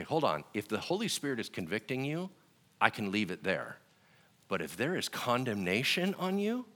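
A man preaching in an expressive, swooping voice with a bright, ringing edge. He acts out quick imagined voices in a conversational style. His voice carries a long reverb, as if from a large church hall. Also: deep voice. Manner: animated, acts out voices of God and listeners; drops to a quieter, softer delivery when reassuring. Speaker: pastor. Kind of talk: sermon.

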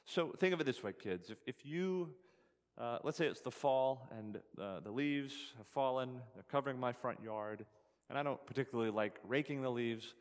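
A man's voice: mid-range voice, long reverb tail. A man preaching a sermon as pastor, earnest and emphatic, rising on scripture and repeating key phrases to drive them home. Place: church sanctuary.

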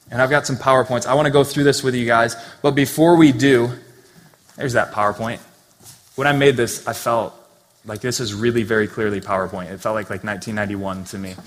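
A man delivering a sermon with an earnest, conversational manner, breaking off now and then to speak plainly to his listeners. His voice sits at an ordinary middle pitch. The sound carries the long reverb of a large hall. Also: a bit bright. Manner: conversational, earnest preaching with asides. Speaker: pastor. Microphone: handheld or stand mic.

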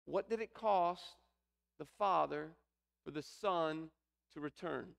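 A man's voice: a little high, slow pace, gravelly, a bit bright. A man preaching a sermon, explaining a scripture passage with rising emphasis. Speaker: pastor.

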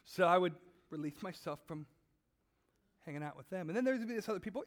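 A middle-aged man giving a sermon in a chatty, searching way, often asking his listeners questions. His voice sits high and moves animatedly through a wide range, and he often doubles back on his words. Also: lively intonation, brisk. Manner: conversational, asks the audience questions, repeats words. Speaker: pastor.

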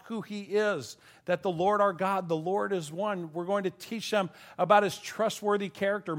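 Pastor guy preaching, kinda high voice, earnest and emotional, laughs easy and gets choked up. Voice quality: voice goes thin and quiet when choked up. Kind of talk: sermon.

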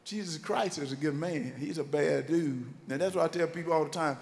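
A man from Georgia, telling emphatic, animated stories in a motivational faith talk. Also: on the high side, a little fast, gravelly, long reverb tail. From Georgia, USA. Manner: animated, emphatic storytelling with repetition. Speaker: motivational speaker.

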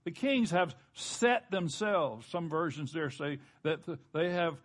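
A man preaching a sermon, earnestly, slowing down and dropping low for emphasis and calling on the congregation to respond. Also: lively intonation. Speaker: pastor.

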